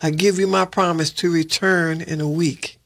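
A man's voice: on the high side, fairly even intonation, normal speed, creaky, fairly bright tone. A man voicing a kind, honest young woman in a storybook read-aloud, reading earnestly.

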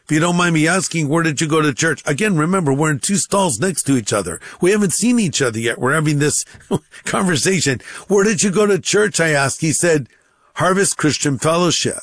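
A man who is a pastor, telling a lively first-person anecdote and acting out both sides of the dialogue. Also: a little high, a little fast, no room sound. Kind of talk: anecdote told on radio.

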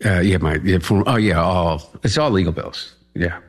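A man answering questions in a casual interview. His voice is very deep, and he speaks in a halting way, pausing often and filling the gaps with fillers. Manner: hesitant, halting, full of fillers.

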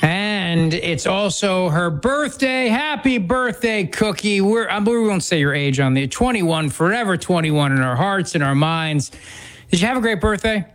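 A man's voice: high voice, expressive, measured pace, fairly bright tone. A man co-hosting a radio talk show, joking with a colleague in dry, teasing banter. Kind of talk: casual radio chat.

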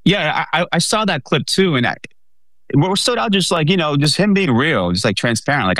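Animated male sports talk co-host. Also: on the high side, brisk, no echo. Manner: animated, filler-heavy.

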